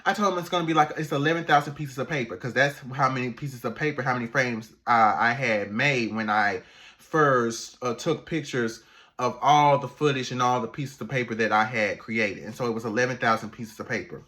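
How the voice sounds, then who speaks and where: A man, an animator, telling a story in a casual, animated vlog, laughing and swearing as he goes. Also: medium pitch, a little fast.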